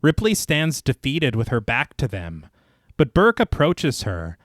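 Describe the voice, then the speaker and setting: A man's voice: wildly swooping pitch, a little slow, no room sound, studio quality. A man co-hosting a podcast, narrating a scripted film recap with a dramatic storytelling manner and casual asides. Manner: dramatic storytelling, reads movie quotes in a lowered voice, laughs at his own jokes. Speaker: podcast co-host.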